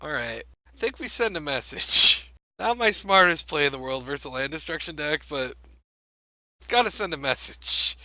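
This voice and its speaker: A man's voice: fairly high pitch, lively intonation, moderate pace, sharp tone. A young man giving wry, self-mocking commentary on a card game match as he plays, thinking aloud. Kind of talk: gameplay commentary.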